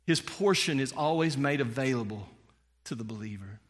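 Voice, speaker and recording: A man's voice: medium pitch, lively intonation, moderate pace, in a large hall. A man preaching a sermon, telling a personal story in a casual way with many fillers. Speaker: pastor.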